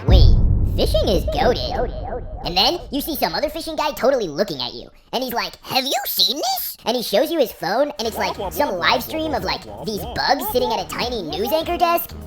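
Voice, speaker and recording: A woman telling an absurd comic story as a monologue, exasperated and deadpan. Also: a little high, fairly quick, hardly any pauses. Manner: exasperated, deadpan storytelling, lively swings between voices. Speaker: comedian. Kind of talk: comedic monologue. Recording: music behind the voice.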